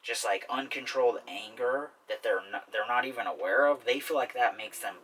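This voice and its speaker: A man's voice: mid-range voice, moderate pace, a bit bright, slightly rough, recorded from a distance, low-quality recording. A man hosting a self-help talk in a casual explainer style, often checking in with "okay?". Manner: repetitive, keeps asking "okay?". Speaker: self-help video host.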